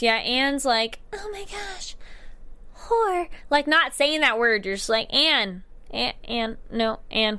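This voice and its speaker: Young woman, casual vlog recap; smooth, clear voice, animated, self-correcting. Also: a little high. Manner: chatty and animated, stumbles over words and corrects herself. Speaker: TV show reviewer.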